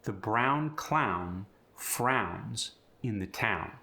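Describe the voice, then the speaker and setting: A man's voice: lowish voice, animated, very slow, gravelly, sharp tone. A man teaching an accent, explaining each sound change step by step before reading an example sentence. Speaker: accent coach. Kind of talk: accent tutorial.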